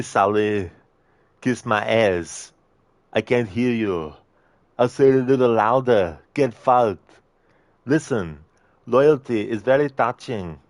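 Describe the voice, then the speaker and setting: A man putting on a slow, menacing action-hero voice. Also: medium pitch, no room sound, close to an everyday voice. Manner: slow, heavy, menacing delivery. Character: gruff tough-guy action hero, male, adult, menacing.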